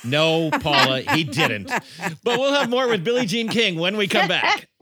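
A man in his fifties hosts the show, reading comic inserts with a brisk, announcer-like delivery. His voice sits fairly high and swings widely in pitch. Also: big pitch swings, a crowd in the background. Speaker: podcast host.

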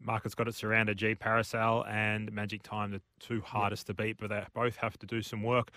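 A man's voice: lowish voice, fairly quick, no room sound, studio quality. A man giving matter-of-fact racing analysis on a podcast. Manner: flat, matter-of-fact assessments. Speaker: racing tipster.

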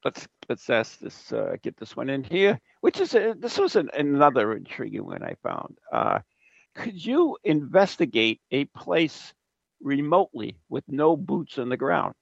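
A man with a heavily crackly, fry-laden voice and a lively, bouncing pitch, joking his way through listener questions. The audio is dry and muffled, like a remote call. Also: no echo. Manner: jokey, halting with many fillers. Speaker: co-host asking listener questions. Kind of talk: casual podcast chat.

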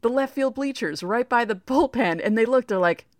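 A woman's voice: a little high, lively intonation, moderate pace, no echo. A woman from New York co-hosting a sports talk show, telling anecdotes animatedly and laughing often. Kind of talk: casual storytelling chat.

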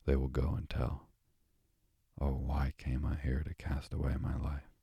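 Storybook reading: a pleading pauper boy, read by a man in a very low, gravelly voice. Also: completely flat delivery, unhurried, warm tone, no echo, full character voice. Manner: pleading, archaic speech. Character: frightened pauper boy in royal clothes.

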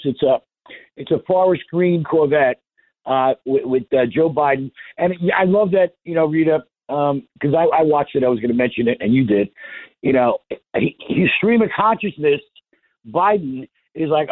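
A man's voice: a little high, no echo. A man calling in to talk radio, rambling in a folksy, indignant way with many fillers. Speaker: caller. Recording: tinny dry phone line.

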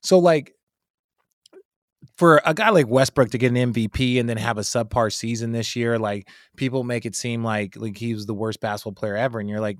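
Male host, casual sports banter, emphatic and animated, swears, dry close sound. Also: mid-range voice, brisk, no room sound.

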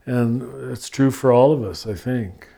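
Male spiritual teacher, unhurried and reflective, mid-pitched voice. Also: creaky. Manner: slow, thoughtful, soft-spoken. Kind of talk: reflective conversation.

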